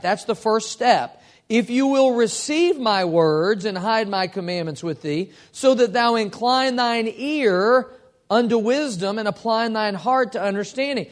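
High-voiced man preaching a sermon. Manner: earnest teaching, reads scripture slowly. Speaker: pastor.

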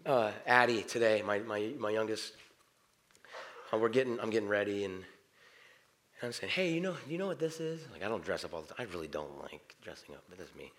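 A man preaching a sermon, animated, swinging from loud exclamations to soft, quiet passages. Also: on the low side, a little fast, pauses often.

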